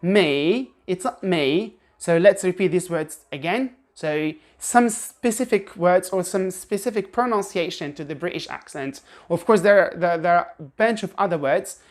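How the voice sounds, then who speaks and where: A woman teaching English pronunciation in an online lesson, demonstrating sounds by repeating words with exaggerated intonation and often restarting her sentences. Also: fairly low pitch. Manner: restarts often, halting explanations.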